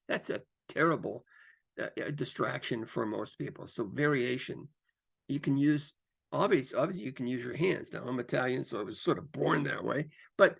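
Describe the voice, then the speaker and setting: A man's voice: normal speed, creaky, husky. A man giving career coaching advice to camera, varying his pace and tone for emphasis and often repeating himself with fillers. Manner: lively, shifts pace and pitch for emphasis; repeats phrases, frequent fillers. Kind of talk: instructional talk to camera.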